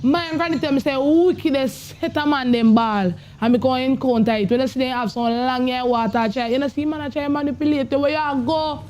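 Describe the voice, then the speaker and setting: A woman's voice: high-pitched, steady tone, fairly quick, few pauses, a little hiss or hum, lightly acted. A woman playing a teasing Jamaican sister. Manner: teasing, loud. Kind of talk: comedy sketch acting.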